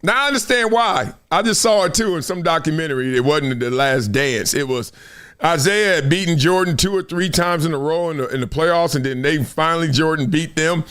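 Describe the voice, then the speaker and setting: A man hosts a live sports talk show, his clean-toned voice a little high and a little fast. He tells animated stories, acting out the people he quotes and laughing often between remarks.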